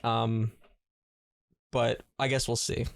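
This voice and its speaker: A man's voice: mid-range voice, level tone, takes it slowly, creaky. A man co-hosting a casual podcast chat, laughing often and teasing playfully. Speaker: co-host.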